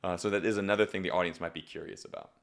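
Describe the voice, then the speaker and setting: A man's voice: low-pitched, racing, vocal fry, slight background noise. A man coaching a stand-up comedian on a live stream, swearing, repeating himself and acting out examples. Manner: animated, swears, repeats words, acts out examples.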